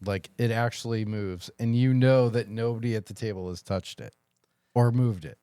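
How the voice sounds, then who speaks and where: A man's voice: fairly low pitch, normal speed, mellow, clean tone. Profane, jokey man hosting a podcast. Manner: profane, jokey, laughs often. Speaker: podcast host. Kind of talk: casual crude podcast chat.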